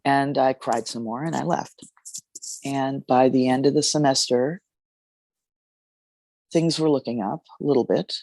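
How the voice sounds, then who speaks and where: Female jazz vocalist, interview storytelling; gravelly, close dry sound; expressive, halting delivery. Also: a bass voice, dry recording. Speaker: jazz singer.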